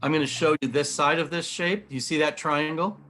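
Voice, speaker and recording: Man, middle-aged, earnest, enthusiastic, demonstrating, slightly high voice. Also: steady tone, brisk, bright, forceful tone. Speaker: guest. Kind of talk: animated explanation while showing models.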